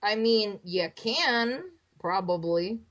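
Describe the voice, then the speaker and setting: A woman with a mid-range voice speaks slowly while hosting a podcast. Her casual chat has her thinking aloud and restarting often.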